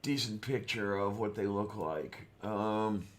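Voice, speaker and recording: A man co-hosting a podcast in casual chat, hesitant and self-deprecating, pausing often with ums. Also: on the low side, a little hiss or hum. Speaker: podcast co-host.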